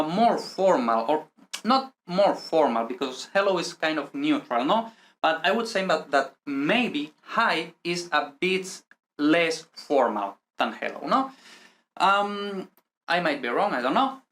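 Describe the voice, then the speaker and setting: A man's voice: a little high, fairly bright tone. Spanish-accented male teacher, casual screen-share lesson, tentative, tags sentences with "no?". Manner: hedging, ends phrases with a questioning "no?".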